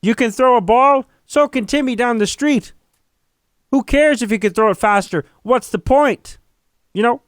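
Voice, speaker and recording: Man doing a high, intense, weepy male psychologist, mild swearing. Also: normal speed, no room sound, clean studio sound. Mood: lecturing. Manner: earnest lecturing, swears mildly. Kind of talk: comedic impression.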